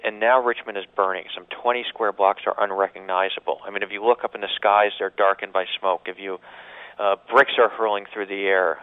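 A man, an author guest on a radio call-in show, telling history as a vivid, dramatic story and repeating words as he starts. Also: on the low side. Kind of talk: phone interview, vivid storytelling. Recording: tinny phone line.

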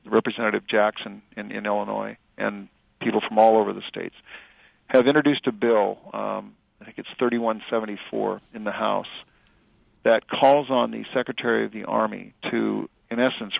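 A middle-aged man talks slowly through his answers, pausing and restarting often. His voice is low and very gravelly. The sound is dry and narrow, like a phone line on the radio. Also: dry recording. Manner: thoughtful, halting, many fillers and restarts. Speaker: author and journalist.

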